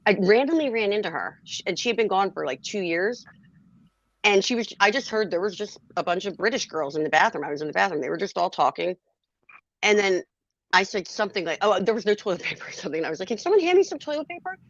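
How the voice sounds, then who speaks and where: A woman's voice: medium pitch, fast talker, muffled recording. A woman from Philadelphia with a faint Philly accent, chatting casually and telling stories with laughs mixed in. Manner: animated storyteller, laughs between lines. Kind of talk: casual chat.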